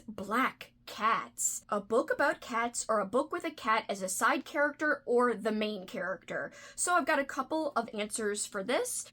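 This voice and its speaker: A chatty woman talking through a book tag video, her voice sitting a little high. She rambles with plenty of fillers and gets excited about the books she loves. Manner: chatty, enthusiastic, uses lots of "like" and "freaking". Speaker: book vlogger. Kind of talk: casual book tag vlog.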